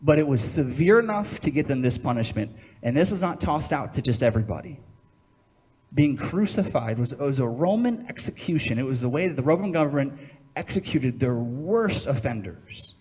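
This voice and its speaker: A man's voice: medium pitch, animated, moderate pace, a little mellow, slightly rough. A man preaching a sermon as pastor, telling a story and acting out the voices in it with rising intensity.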